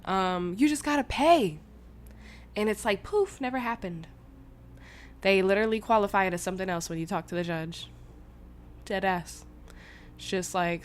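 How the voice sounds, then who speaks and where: A young woman hosting a podcast, telling a personal story in a casual, animated way, slangy and swearing freely. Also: on the low side, a little hiss or hum. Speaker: podcast host.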